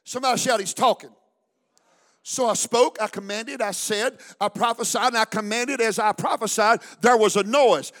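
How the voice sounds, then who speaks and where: A man preaching a fiery sermon at a church service, shouting, chanting, and calling on the congregation to answer back. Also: very high voice. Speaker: pastor.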